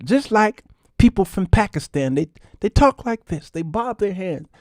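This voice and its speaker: A man's voice: high-pitched, animated, moderate pace, darkish tone, no room sound. A man hosting a casual livestream, talking folksy to his viewers and laughing often. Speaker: show host.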